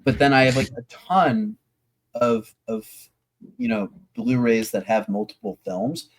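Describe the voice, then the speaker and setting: A man's voice: medium pitch, very animated, a little slow, gravelly, slight background noise. A man co-hosting a movie podcast, chatting casually with a hesitant, self-deprecating manner. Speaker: podcast co-host. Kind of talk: casual chat.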